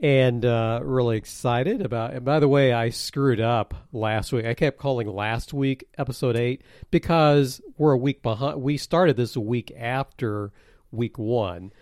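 A man's voice: measured pace, no room sound, clean studio sound. A man co-hosting a casual fantasy sports podcast, rambling and getting worked up in bursts. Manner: ranting, excitable, high-pitched outbursts. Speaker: podcast co-host.

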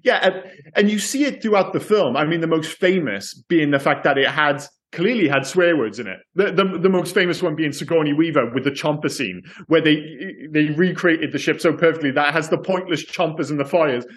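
A man in relaxed film chat, voice sitting a touch higher than most men's. He wanders through his points, restarting sentences and tripping over words, then pushing on. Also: fairly quick, few pauses. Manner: rambling, self-correcting, stumbles over words. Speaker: podcast co-host. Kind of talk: casual film discussion.

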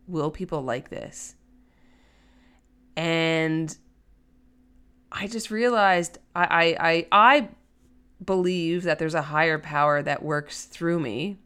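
A woman's voice: on the low side, a bit bright, clean tone. A woman hosting a solo podcast in a chatty, earnest way, with many fillers. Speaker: podcast host. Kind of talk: casual solo podcast talk.

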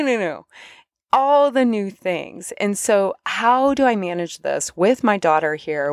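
A middle-aged woman coach talking casually about spiritual self-help, chatty and animated when she acts out her inner dialogue. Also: low-pitched, dry recording, studio quality. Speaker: podcast host and coach.

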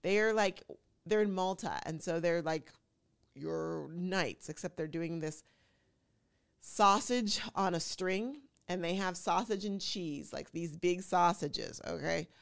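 A woman's voice: on the low side, slow, creaky, smooth. Chatty opinionated woman host. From United States. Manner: chatty, opinionated, wry asides. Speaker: talk show host. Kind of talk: casual commentary monologue.

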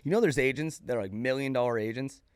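A man's voice: medium pitch, fast, clean tone, dry recording, studio quality. A young man co-hosting a podcast in casual chat, telling stories with a lot of "dude" and "like". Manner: excited storytelling, heavy use of "dude" and "like". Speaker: podcast co-host.

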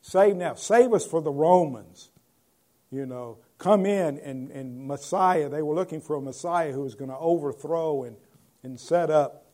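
A man, a pastor, preaching a conversational sermon and moving between loud proclamation and quiet asides. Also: on the high side.

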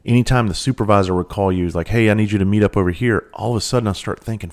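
Low-voiced man telling cop stories. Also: very fast, few pauses, a little mellow. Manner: profane, laid-back storyteller with bursts of laughter. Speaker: former police officer and firefighter. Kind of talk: casual storytelling.

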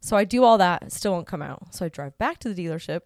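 Lively storytelling woman, dry close sound. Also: on the low side, fast talker, dry recording. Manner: animated storyteller, acts out quotes with laughs. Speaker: podcast co-host. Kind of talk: casual storytelling chat.

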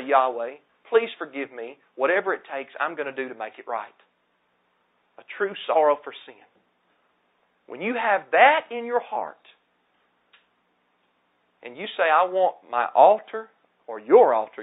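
A man preaching a sermon, stressing words with sudden swings between loud and soft. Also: on the high side. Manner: emphatic, with dramatic swings of loudness. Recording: tinny phone-like sound.

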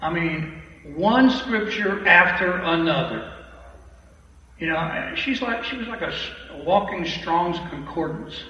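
A man giving an animated, emphatic testimony to a church congregation, repeating phrases for effect, heard from a distance in a large hall. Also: high voice, takes it slowly. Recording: echoey hall from far off, dull and noisy.

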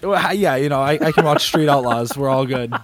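A male podcast co-host with a medium-pitched voice talks a little fast over background music. He's easygoing and chatty in casual conversation, speaking freely and laughing often.

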